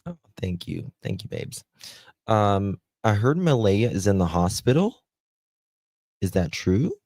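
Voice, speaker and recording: A man from the United States with a Southern American accent, hosting a casual live stream, chatting with viewers and reading their comments aloud with plenty of "um" pauses. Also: fairly low pitch, big pitch swings, darkish tone, dry recording. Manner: chatty, self-deprecating, many "um" pauses. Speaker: livestream host.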